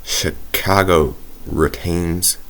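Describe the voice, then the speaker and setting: A man's voice: low voice, fairly even intonation, very slow, fairly bright tone, slight background noise. A young man casually commentating his own football video game play, rambling and hesitant with many fillers. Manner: rambling, hesitant, self-deprecating. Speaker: gaming YouTuber.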